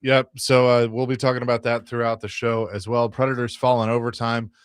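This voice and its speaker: A man's voice: mid-range voice, level tone, fairly quick, clean tone, dry recording, clean studio sound. A man hosting a sports talk radio show, chatting in an easygoing, rambling way and reading sponsor lines. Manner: easygoing, rambling, reads ad copy. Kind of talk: casual sports radio banter. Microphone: studio microphone.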